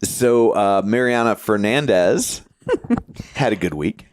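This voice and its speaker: A man in his fifties co-hosts a podcast in loose, joking banter. His pitch swings widely as he cracks wisecracks. The recording is dry and close. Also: animated, slow, no echo. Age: 50s. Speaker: podcast co-host. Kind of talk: casual chat.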